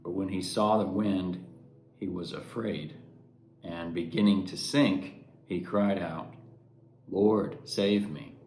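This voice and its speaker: A man's voice: deep voice, fairly even intonation, slow pace, darkish tone. A man giving an earnest, conversational devotional reflection, often restarting his thoughts. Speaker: devotional speaker. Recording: roomy echo, faint background noise.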